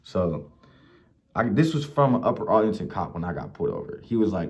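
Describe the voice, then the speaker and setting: A young man from Ohio with a very low voice tells stories in a loose, profane vlog rant. He gets animated and acts out the people he quotes. The recording sounds dull and lo-fi. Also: fairly quick. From Mansfield, Ohio. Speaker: vlogger. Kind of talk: casual storytelling rant.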